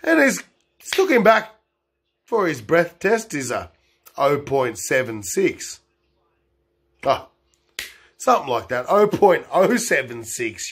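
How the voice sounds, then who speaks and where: A man telling a meandering improvised story, full of fillers, swinging between loud bursts and low murmurs. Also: breathy edge.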